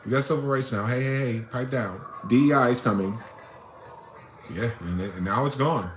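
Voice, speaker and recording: A man's voice: mid-range voice, moderate pace, slight background noise. A man delivering an impassioned, profane solo rant, firing off rhetorical questions. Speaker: vlogger. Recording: echoey room.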